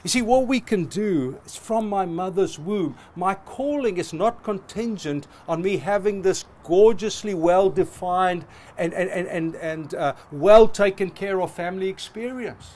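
Passionate preacher man, fairly high voice. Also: unhurried, few pauses, darkish tone. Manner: passionate, emphatic with rising repetitions. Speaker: pastor. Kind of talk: sermon.

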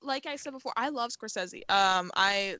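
Bright-voiced young woman chattering with "like". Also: medium pitch, normal speed, no echo. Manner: chatty, peppered with "like" and casual swearing. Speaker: podcast guest, film editor. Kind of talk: casual interview chat.

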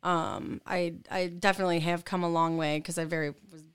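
A woman in her late twenties, a guest in a casual chat, talking in an animated way, acting out quotes with lots of "like". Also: lowish voice, brisk, smooth. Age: 20s.

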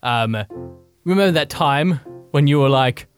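A man plays a stuffy senior knight who scolds in a formal, exasperated tone. His voice sits a little high for a man. Faint music can be heard behind him. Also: measured pace, lightly acted. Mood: stern. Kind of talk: comedy sketch acting.

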